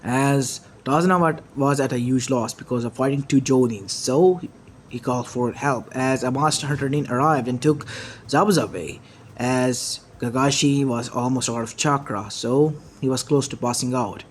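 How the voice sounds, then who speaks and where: Man narrating a fan story, halting delivery. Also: medium pitch, a little hiss or hum. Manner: halting, restarting phrases.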